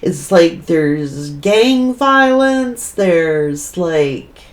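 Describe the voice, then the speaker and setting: A woman reads tarot in a slow, meandering monologue. She circles back over her own points while thinking aloud. Her voice sits a little distant from the microphone. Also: lowish voice, lively intonation. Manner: rambling and repetitive, thinking aloud. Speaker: tarot reader.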